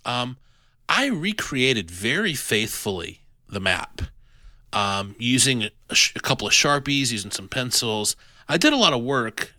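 A man hosting a casual podcast chat about a tabletop adventure, animated and self-deprecating, with many restarts. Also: mid-range voice, a little slow, dry recording. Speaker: podcast host reviewing an adventure.

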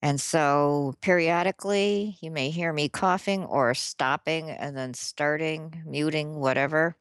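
A woman's voice: deep voice, steady tone, measured pace, clear, resonant tone, no echo. A woman co-hosting a podcast who has a slight cough and a dry, teasing manner. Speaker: podcast co-host. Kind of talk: casual chat.

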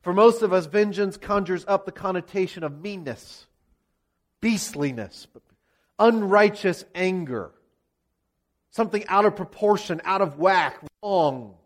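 A man's voice: sits high, unhurried. A male preacher delivering a sermon, retelling scripture as vivid, dramatic storytelling. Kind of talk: expository sermon.

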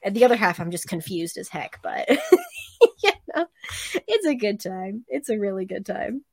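A woman's voice: mid-range voice, moderate pace, slightly rough, no echo. Chatty woman guest, casual, laughs easily, dry close sound. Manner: chatty, laughs often, lively retelling. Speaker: podcast guest, convention volunteer. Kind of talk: casual chat.

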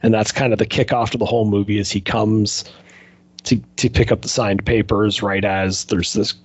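A man's voice: lowish voice, slightly rough, muffled recording. A man chatting casually on a podcast, rambling with lots of fillers and laughing as he goes. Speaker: podcast co-host. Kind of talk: casual chat.

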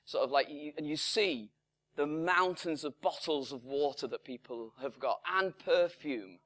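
A middle-aged man preaching a sermon in a conversational way, acting out little dialogues and dropping to hushed tones. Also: a little high, unhurried. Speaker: pastor.

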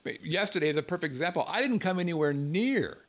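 A man's voice: a little high, lively intonation, quick pace. A man telling a casual story in a monologue, joking at himself and swearing freely.

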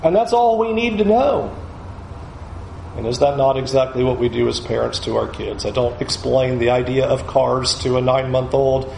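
A man's voice: medium pitch, moderate pace, creaky, a little mellow, echoey room, slight background noise, low-quality recording. A man preaching a sermon as a pastor, emphatic, repeating key phrases for stress.

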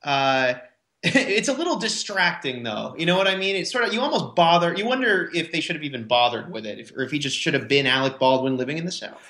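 A man chatting casually on a podcast about a movie, animated and quick to laugh. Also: fairly high pitch, echoey room. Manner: animated, laughs often, mimics accents. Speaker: podcast co-host. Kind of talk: casual chat.

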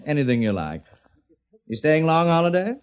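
A sardonic bitter husband. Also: male voice, fairly high pitch, huge pitch swings, moderate pace, clear, resonant tone. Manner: dry, cutting sarcasm. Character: sardonic middle-aged husband, cutting and bitter. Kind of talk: 1940s radio acting. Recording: dull old radio recording.

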